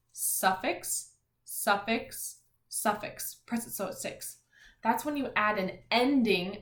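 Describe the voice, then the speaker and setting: A woman teaching a class of young children, sounding out letters one at a time and praising them as she goes. She speaks slowly, with an even middle pitch. Her voice rings in an echoey room. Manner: slow, clear and encouraging, sounding out letters.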